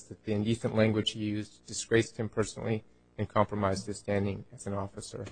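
A man arguing as a government attorney before an appellate court, measured and formal. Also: on the low side, level tone, rough recording. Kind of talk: formal courtroom oral argument.

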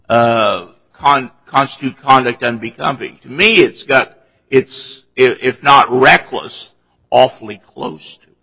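Gravelly judge in an echoing courtroom. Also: male voice, medium pitch, a little slow, bright, forceful tone. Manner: pointed, probing questions. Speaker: presiding appellate judge. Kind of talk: courtroom oral argument questioning. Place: large courtroom.

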